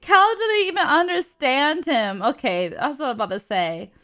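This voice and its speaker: A woman's voice: high-pitched, animated, moderate pace, bright, forceful tone. A woman hosting a casual reaction video, exclaiming, laughing and talking back to the screen. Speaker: host reacting to a cartoon. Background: faint cartoon audio underneath.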